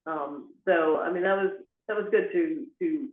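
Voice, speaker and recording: A man's voice: on the high side, normal speed. A man asking a question on a video call, hesitant and rambling with many restarts. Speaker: caller. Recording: tinny call audio in an echoey room.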